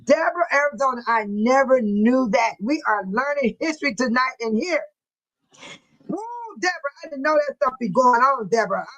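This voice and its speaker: A woman, hosting a casual live chat, reading viewer comments aloud and laughing loudly in folksy slang. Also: sits high, lively intonation, normal speed, poor audio. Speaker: livestream host.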